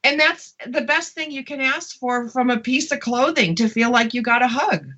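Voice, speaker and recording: Bright, gushing woman radio co-host. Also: fairly high pitch, normal speed. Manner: gushing and chatty. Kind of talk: casual radio chat. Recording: dull lo-fi sound.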